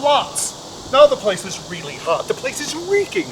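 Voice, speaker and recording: A man's voice: extremely high pitch, wildly swooping pitch, moderate pace, background noise. A middle-aged man performing a comic storytelling monologue in a wry, anxious, self-mocking way.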